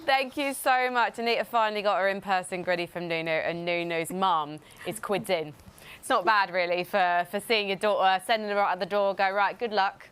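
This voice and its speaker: A woman with a British accent presenting esports coverage in a chatty, expressive way. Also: mid-range voice, brisk, slight background noise.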